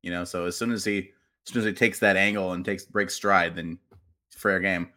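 A man co-hosting a sports podcast, lively and wisecracking in casual chat. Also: normal speed. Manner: lively, wisecracking, swings in pitch. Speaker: podcast co-host.

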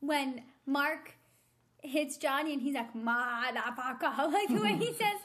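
A woman's voice: sits high, lively intonation, a little slow, a bit bright. A woman co-hosting a podcast in casual chat, enthusiastic and giggly. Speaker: podcast co-host.

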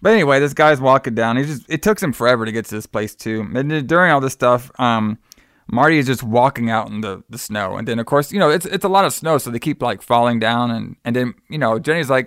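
A man's voice: medium pitch, quick pace, fairly bright tone, smooth, no echo, clean studio sound. A man recapping a movie in casual chat, rambling and profane, with lots of "like" fillers. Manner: rambling, profane, many "like" fillers, acts out quotes. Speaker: podcast co-host recapping a movie.

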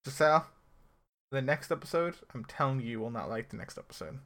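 A man's voice: medium pitch, brisk, a bit bright. Playful teasing man reviewing an episode. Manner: playful teasing, laughs often. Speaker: podcast co-host. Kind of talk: casual episode review chat.

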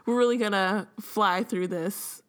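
A woman's voice: mid-range voice, fairly even intonation, unhurried, fairly bright tone. A woman co-hosting a podcast, talking casually about a book and leaning on "like" a lot. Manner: chatty, lots of "like", laughs often. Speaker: podcast co-host. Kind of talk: casual book-club chat.

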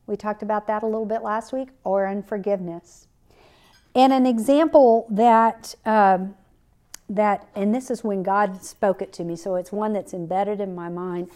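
A woman's voice: mid-range voice, unhurried, dark tone. A woman giving a personal, conversational devotional teaching as a podcast Bible teacher, with many fillers and restarts.

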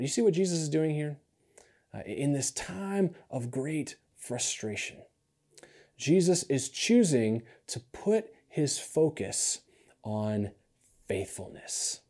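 A man preaching a sermon, earnest, repeating key phrases and dropping to a soft, low voice for emphasis. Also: big pitch swings, slow pace. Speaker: pastor.

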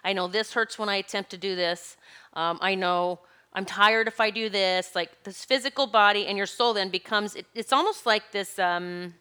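Bright-voiced woman giving a rambling spiritual talk. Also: mid-range voice, moderate pace, clean tone. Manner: rambling, searching for words, laughs between thoughts. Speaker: spiritual speaker.

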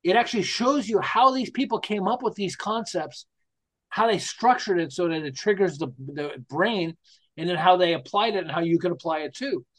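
A high-pitched American man in his sixties talks at normal speed as an interview guest. The marketing specialist keeps it enthusiastic and casual, telling stories with laughs and rhetorical questions.

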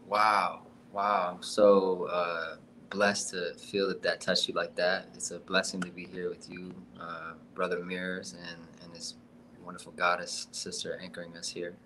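A man speaking as a guest in a casual panel chat, calm and soft-spoken, with a spiritual bent. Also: deep voice, a little slow, slight background noise, low-quality recording. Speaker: guest musician and yoga teacher.

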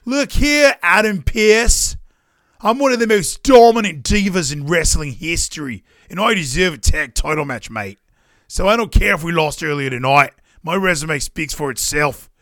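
A man's voice: fairly high pitch, lively intonation, moderate pace, a bit bright, no room sound, clean studio sound. A man voicing a boastful Australian woman wrestler with a put-on Australian accent, swaggering and demanding.

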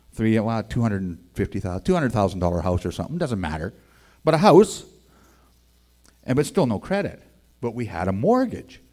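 A man telling his life story as a personal faith testimony in a casual, folksy way, acting out the people in it. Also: lowish voice. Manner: animated, acts out the other people's voices in his story; casual and folksy, with 'man' and 'boy, I tell you'. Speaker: speaker giving a personal testimony.

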